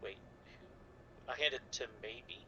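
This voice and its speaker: A man playing a tabletop game, explaining his moves carefully and with halting restarts. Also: medium pitch, sharp tone. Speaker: player. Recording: dull lo-fi mic with faint background noise.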